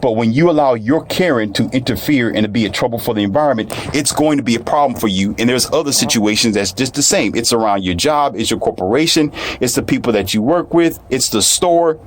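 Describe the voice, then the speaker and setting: A man's voice: medium pitch, animated, fairly quick, hardly any pauses, a little hiss or hum. A man telling a personal story in casual, colloquial speech, repeating phrases and addressing listeners directly.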